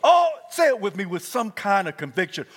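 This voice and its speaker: A male pastor preaching a fervent sermon, moving between hushed talk and shouts and calling on the congregation to repeat after him. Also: sits high, sing-song, fairly quick, long reverb tail. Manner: calls on the congregation to repeat words. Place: church sanctuary.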